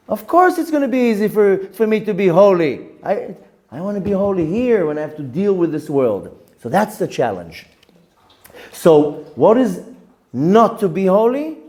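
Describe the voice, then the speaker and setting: A man teaching a Torah lesson, voice fairly high and mellow. He tells a story with energy, repeats his words as he goes, and acts out the people in it. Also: big pitch swings, moderate pace. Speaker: rabbi.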